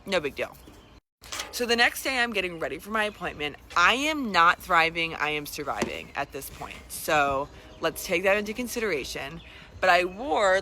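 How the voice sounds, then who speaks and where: A young woman vlogger tells a personal story in a lowish, sharp-toned voice, with slight background noise. She's chatty and casual, saying "like" constantly and slipping in dramatic asides.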